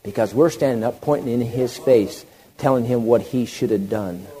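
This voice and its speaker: A man preaching a sermon, animated, moving between loud emphatic passages and hushed, quiet ones. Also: medium pitch, normal speed.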